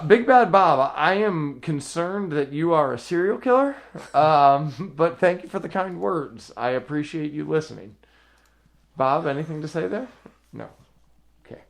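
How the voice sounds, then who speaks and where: A man's voice: fairly high pitch, gravelly. A man co-hosting a sports podcast, reading listener emails aloud in a crude, joking way and laughing often.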